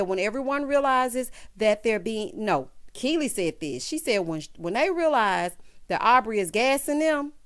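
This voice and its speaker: A woman recapping a reality show in casual commentary, sassy and animated, calling her viewers "honey" and "child" and acting out quotes in a mocking voice. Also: mid-range voice.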